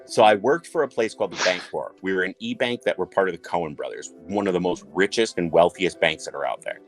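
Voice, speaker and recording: A man with a low-pitched voice tells a story in a relaxed online panel chat. He acts out the voices of the people he quotes, and faint music plays behind him. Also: fast talker. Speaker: panel guest. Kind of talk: casual storytelling.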